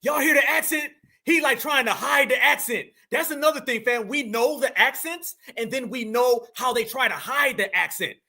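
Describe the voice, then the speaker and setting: Male streamer, very high, sharp voice, taunting and confrontational reaction rant. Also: moderate pace, gravelly. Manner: mocking, confrontational, slangy. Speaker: live-stream commentator. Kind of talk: heated reaction commentary.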